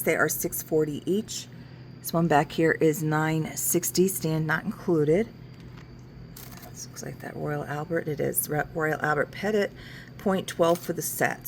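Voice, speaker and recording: Woman, low voice, antique shop owner, chatty walkthrough, faint room noise behind. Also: creaky. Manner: chatty, works out discounts aloud. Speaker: antique shop owner showing items for sale. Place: indoors in a large antique shop.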